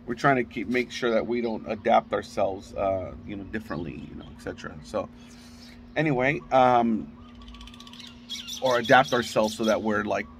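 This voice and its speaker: A man with a somewhat low voice leads a relaxed Bible study. He talks in a loose, conversational way, often restarting his sentences. A faint background noise sits under his voice. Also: moderate pace. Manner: conversational and rambling, with frequent restarts. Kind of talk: casual Bible study teaching.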